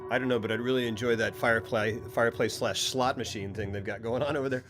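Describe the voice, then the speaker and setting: A man casually chatting on a live stream while watching a film, animated and playful, repeating words for laughs. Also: mid-range voice, fast, faint music behind. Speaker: stream co-host.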